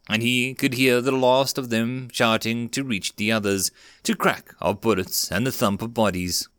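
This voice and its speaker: A man narrating a dramatic story at an even, mid pitch. His reading is steady and measured. The recording is close and completely dry. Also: no echo.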